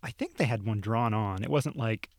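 A man's voice: on the low side, moderate pace, dry recording, studio quality. A young man, a video producer, casually recounting stories in a podcast chat, with lots of fillers and easy laughs. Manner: laid-back storytelling with frequent fillers and laughs. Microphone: studio microphone.

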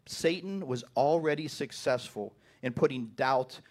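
A man's voice: medium pitch, a little slow. A man preaching a sermon to his congregation. He often repeats the first words of a phrase and keeps asking "right?". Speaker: pastor.

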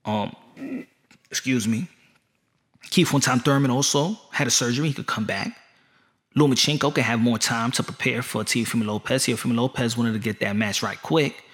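A man's voice: mid-range voice, normal speed, fairly bright tone. A man ranting casually as a boxing vlogger, rambling and joking with plenty of swearing. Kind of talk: casual rant.

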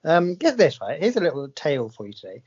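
A man's voice: on the high side, huge pitch swings, fast, a little mellow, husky. A man from England with a southern English accent, co-hosting a podcast in casual chat and playfully acting out the voices in his stories. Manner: playful storyteller, acts out voices in anecdotes. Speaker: podcast co-host. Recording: slightly dull lo-fi sound.

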